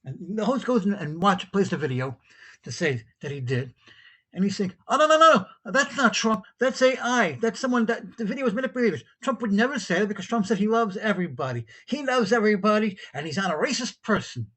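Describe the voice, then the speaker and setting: A man from New York with a New York accent, hosting an opinionated podcast monologue, animated and incredulous as he acts out both sides of an argument. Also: sits high, a little fast, breathy edge. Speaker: podcast host. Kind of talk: opinionated monologue, retelling a call-in exchange.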